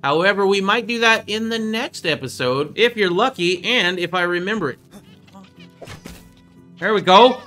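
A man with a high, bright, forceful voice gives casual gameplay commentary as the show's host. He is chatty and playful and pokes fun at himself. Faint music plays underneath him. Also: moderate pace, pauses often. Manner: chatty, playful, jokes at his own expense. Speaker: gaming video host.

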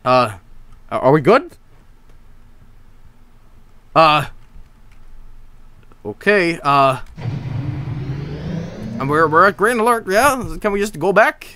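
A man streaming a space game, chatting casually, swearing and breaking into shouts when the fighting starts. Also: on the high side, slow pace, long pauses. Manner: excitable, swearing, jumps to shouting in combat. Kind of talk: casual gameplay commentary.

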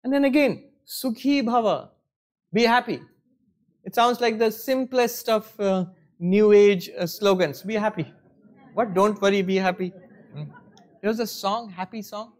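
A man with a high-pitched voice gives a spiritual discourse at a retreat. He teaches conversationally and keeps asking rhetorical questions. He slips in dry, self-mocking humor as he goes.

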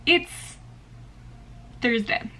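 A woman's voice: extremely slow, sharp tone, slight background noise. A woman chatting casually in a home vlog about books and her day, using lots of "like". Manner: chatty, filler-heavy, lots of "like". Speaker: book vlogger.

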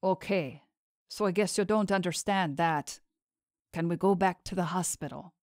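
A woman's voice: lowish voice, moderate pace, dry recording, clean studio sound, close to an everyday voice. A woman reading the lines of a lost, puzzled young man in an audiobook, in a hesitant questioning way. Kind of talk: audiobook character voice.

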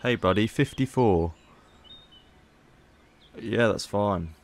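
A man's voice: lowish voice, takes it slowly. A man casually commentating gameplay as a YouTuber, chatty and playful. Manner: chatty, playful, haggling asides. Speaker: gaming YouTuber.

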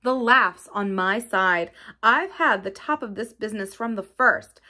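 A woman's voice: medium pitch, expressive, measured pace, bright, forceful tone. A woman reading the lines of a brave teenage boy, speaking out with impassioned defiance. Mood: defiant. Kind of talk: audiobook character reading.

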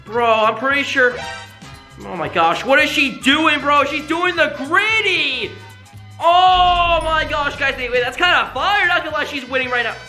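A reaction video host giving excited commentary, shouting and gasping often. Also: high-pitched, unhurried. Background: background music.

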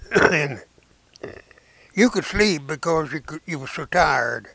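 A very old man with a gravelly voice, pitched a little high, tells his war memories very slowly. He stops often with "uh" and starts his sentences over. He was recorded close to the mic in a dry room. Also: animated, sharp tone, no echo. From Arkansas, United States. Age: 90s. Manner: slow, halting storytelling with many "uh"s and restarts; folksy rural speech. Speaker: war veteran and preacher. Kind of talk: recounting memories in an interview.

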